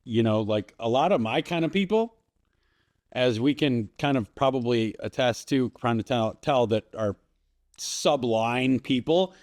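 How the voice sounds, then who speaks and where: A man's voice: medium pitch, animated, a little slow, darkish tone. A man guesting on a podcast, telling long rambling stories full of swearing and laughter. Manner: rambling, profane storyteller who laughs often. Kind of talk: casual podcast chat.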